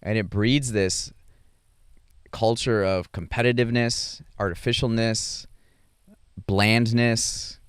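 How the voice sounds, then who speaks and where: A young adult man hosting a podcast, talking through his thoughts in a rambling, halting way with many fillers and restarts. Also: on the low side, fairly even intonation, clear, resonant tone, no echo, studio quality. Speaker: podcast host. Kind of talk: casual reflective monologue.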